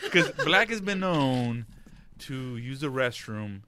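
A man's voice: mid-range voice, big pitch swings, slow, sharp tone, clean tone, no room sound. A man telling a profane, laughing anecdote in casual chat. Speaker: storyteller in casual podcast chat.

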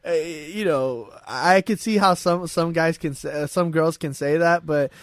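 A man's voice: a little high, measured pace, no echo. Rambling chatty man, dry close sound. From Southern California. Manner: rambling, laughs often, trails off and restarts. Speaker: podcast co-host. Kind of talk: casual chat.

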